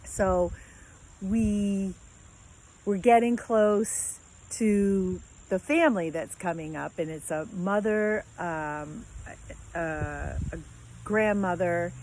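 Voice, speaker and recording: A woman's voice: fairly low pitch, slow, darkish tone, rough recording. A middle-aged woman telling a personal story in a casual, heartfelt way, rambling with many fillers. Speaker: vlogger. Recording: faint background noise.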